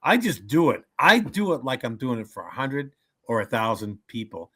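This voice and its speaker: A man's voice: mid-range voice, moderate pace, slightly rough. A man in his seventies, a comedian telling jokes and stories in a casual interview, acting out voices as he goes. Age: 70s. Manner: animated joke-telling, acts out voices. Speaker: comedian guest.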